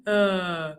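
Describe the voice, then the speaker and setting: A woman hosting a live trading stream in casual, chatty talk, giggly and self-deprecating. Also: medium pitch.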